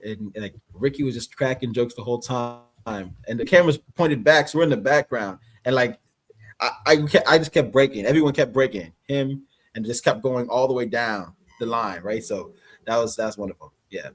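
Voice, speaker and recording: A man's voice: mid-range voice, normal speed. A man with a Canadian accent, an actor guest chatting loosely with lots of fillers. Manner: loose, rambling, many fillers. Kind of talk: casual interview chat.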